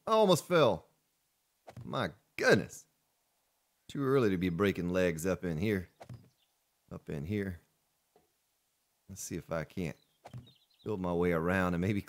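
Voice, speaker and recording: A man hosting a let's play, chatting casually in a folksy, playful way while he plays. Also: deep voice. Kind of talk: casual gameplay commentary.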